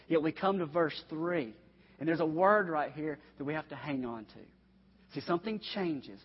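Guy giving a sermon, slightly high husky voice, earnest, talking right to the crowd, dull echoey church recording. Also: moderate pace. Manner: earnest, direct appeals to the congregation. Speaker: pastor. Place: church sanctuary. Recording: dull, echoey recording in a long-reverb hall.

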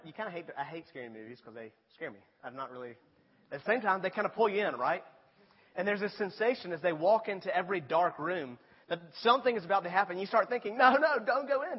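A pastor preaching to his congregation in a fairly high, husky voice. He talks plainly and rises to emphatic appeals. The sound is dull and carries a long reverb from a large hall. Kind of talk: sermon.

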